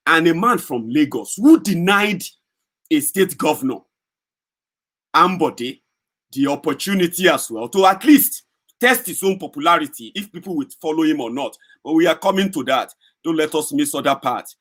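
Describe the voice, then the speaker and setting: A man's voice: fairly high pitch, lively intonation, moderate pace, fairly bright tone. A man with a Nigerian accent giving heated, sarcastic political commentary in a vlog.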